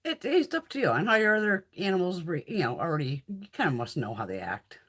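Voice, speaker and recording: A woman's voice: lowish voice, very animated, fast talker, a bit bright, breathy edge. Chatty, foul-mouthed woman livestreaming. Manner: chatty, profane, reads and answers viewer comments. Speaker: livestream host. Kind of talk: casual livestream chat.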